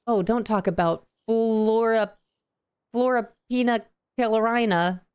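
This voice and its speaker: A woman's voice: a little high, unhurried, a little mellow, clean tone, lightly acted. A woman reading aloud the lines of a whiny, self-pitying male pixie king obsessed with trash, from a video game. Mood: sulky grandiose.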